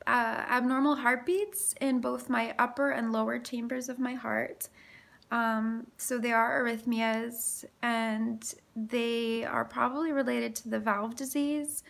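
A young woman filming a casual health vlog, short of breath and talking haltingly with many ums and restarts. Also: fairly high pitch, gravelly, a bit bright. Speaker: vlogger.

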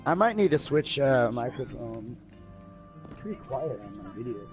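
A man's voice: medium pitch, big pitch swings, moderate pace. A man chatting casually with friends over voice chat during an online game, upbeat and chatty. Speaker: gamer on voice chat. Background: game music.

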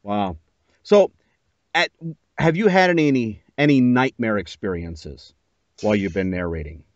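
A man's voice: on the low side, animated, moderate pace, dry recording. Easygoing man hosting a podcast. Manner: easygoing, laughs often. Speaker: podcast host interviewing a narrator. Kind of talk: casual chat. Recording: dull lo-fi dry recording.

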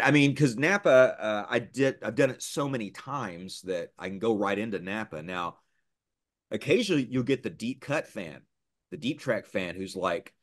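Animated middle-aged voice actor, lowish voice. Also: male voice. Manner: animated storyteller, slips into character voices. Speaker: voice actor guest. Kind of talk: casual podcast interview.

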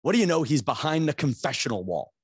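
A man's voice: mid-range voice, sing-song, quick pace, breathy edge, no room sound, clean studio sound. A man, hosting a podcast and telling a rambling comic story, self-mocking and building to exasperated outbursts. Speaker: podcast host.

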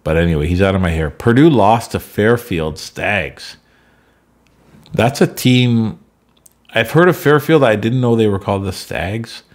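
Low-voiced man rambling over a game. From Canada. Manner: chatty, rambling asides. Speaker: gameplay commentator. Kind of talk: casual gameplay commentary. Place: at home.

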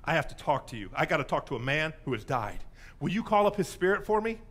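A man's voice: on the high side, sing-song, fast, fairly bright tone. A man voicing a desperate king pleading with a medium, then brushing off her fears, in a sermon retelling. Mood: urgent.

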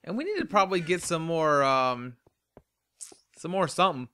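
A man's voice: fairly high pitch, very animated, moderate pace, pushed and bright, slight background noise. A tired man hosting a game let's play, rambling chattily to himself in casual commentary as he plays. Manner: rambling, chatty, talks to himself while playing. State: tired and yawning.

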